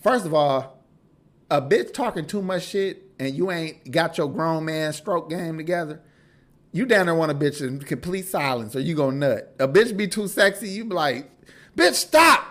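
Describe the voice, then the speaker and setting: A man hosting a casual podcast, telling crude stories in a profane, animated way and laughing often. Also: fairly high pitch, normal speed. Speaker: podcast host.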